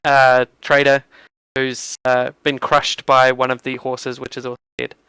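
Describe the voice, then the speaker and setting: A man's voice: medium pitch, monotone, bright, forceful tone, clear, resonant tone, dry recording. Man narrating as game master. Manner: halting, with frequent fillers and restarts.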